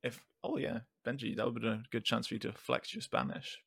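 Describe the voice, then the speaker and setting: Gravelly-voiced laughing podcast co-host man. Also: mid-range voice, brisk. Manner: laughs often, polite, soft-spoken. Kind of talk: casual chat.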